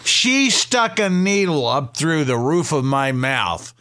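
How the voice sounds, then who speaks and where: A man co-hosting a casual chat show, chatty and quick to laugh. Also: fairly high pitch, sing-song, a bit bright. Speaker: podcast co-host.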